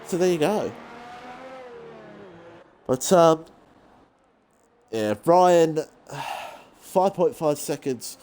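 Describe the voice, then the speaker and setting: A man giving rambling, excitable live commentary on an online racing league, saying he is out of breath. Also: fairly high pitch, extremely slow, long pauses, slight background noise. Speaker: race commentator.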